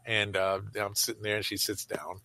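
An older man tells casual stories in an interview, speaking over a call. His rambling anecdotes are full of fillers, asides and laughs. His voice is on the low side and sharp in tone, with little pitch movement and a normal pace.

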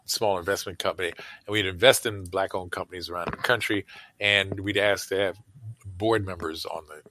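A man's voice: low-pitched, a bit bright. An older man telling casual stories in an interview, rambling with many fillers and asides, and talking over a call. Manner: rambling anecdotes full of fillers and laughs. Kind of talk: casual storytelling.

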